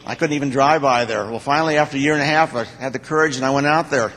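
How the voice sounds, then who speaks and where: A man's voice: medium pitch, fairly bright tone. Older man in a reverberant church hall. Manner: plain-spoken, halting, heartfelt storytelling. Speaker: church member giving a talk to the congregation. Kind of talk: personal testimony.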